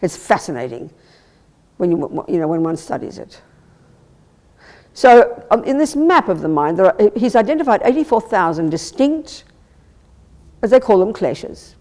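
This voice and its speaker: A Buddhist nun giving a live teaching, talking in an animated, emphatic way with rhetorical questions, wry blunt asides and stammered restarts. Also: female voice, medium pitch, normal speed, long pauses. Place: teaching hall at a Buddhist centre.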